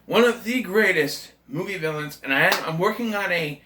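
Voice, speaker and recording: A man talks through a film in a casual, rambling review, full of enthusiasm and self-corrections. His voice is bright and sits a bit high. The room around him is noticeably echoey. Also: expressive, normal speed, a little hiss or hum. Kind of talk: casual movie review monologue.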